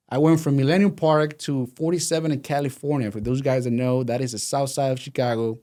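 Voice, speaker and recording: A man in his thirties speaks English with a Venezuelan Spanish accent, telling his life story to an interviewer. His delivery is casual and animated, and he jumps into other people's voices whenever he quotes them. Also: medium pitch, quick pace, hardly any pauses. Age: 30s. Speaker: guest.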